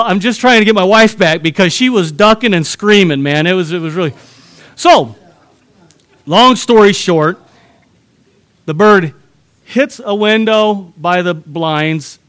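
A man's voice: sits high, slow pace, pauses often, fairly bright tone. A middle-aged man preaching a sermon, telling a story with humor and talking straight to his congregation. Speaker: pastor.

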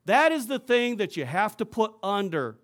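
A man's voice: high-pitched, sing-song, moderate pace, fairly bright tone. A male pastor preaching to his congregation in a church, telling a personal story in a conversational way and often checking in with his listeners.

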